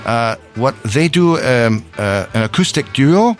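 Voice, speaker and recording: A man's voice: medium pitch, expressive, measured pace, soft background music. A man from Scotland hosting a live radio show from a studio, rambling in a casual, self-amused way and chuckling often.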